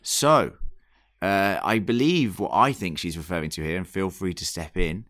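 Guy hosting a podcast, deep voice, jokey, dead dry sound. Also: moderate pace, fairly bright tone, no echo. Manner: leads the talk, teasing and upbeat. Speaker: podcast host. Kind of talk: casual podcast chat.

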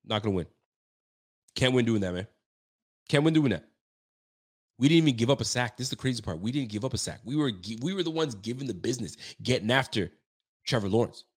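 A man's voice: mid-range voice, lively intonation, fast, long pauses, husky. A young man hosting a sports podcast, giving a frustrated, slangy postgame rant that keeps repeating its points.

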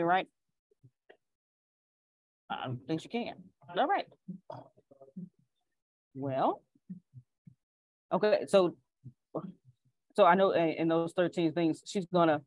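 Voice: medium pitch, darkish tone, no room sound, rough recording. A chatty host leads an online class, laughing often between remarks. The voice is of middle height and sounds close and dry, with no room around it.

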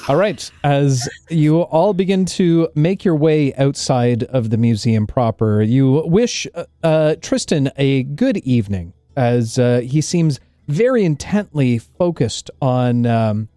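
A slow, deliberate game master narrates a tabletop adventure. The voice swings freely in pitch and has a mellow, dark tone, recorded dry and close with faint music underneath. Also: expressive, no room sound. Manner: descriptive, unhurried narration with fillers.

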